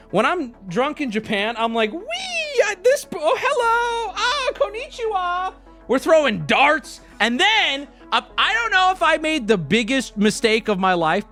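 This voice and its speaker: A man streaming to his chat, telling a travel story in a lively way and jumping into squeaky put-on voices for the people he quotes. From United States. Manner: lively, swings into high squeaky voices when quoting people.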